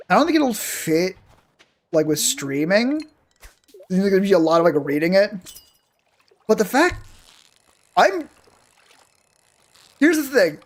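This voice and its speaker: A game streamer chatting casually with viewers while playing, rambling and swearing freely. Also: medium pitch. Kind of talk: casual live-stream chat while gaming.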